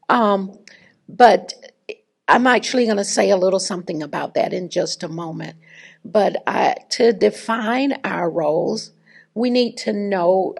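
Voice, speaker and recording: Middle-aged woman, raspy gravelly voice, low-ish pitch, chatty lecturer. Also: a little mellow. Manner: chatty and humorous, addresses audience directly. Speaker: faculty speaker. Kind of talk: conversational lecture with anecdote.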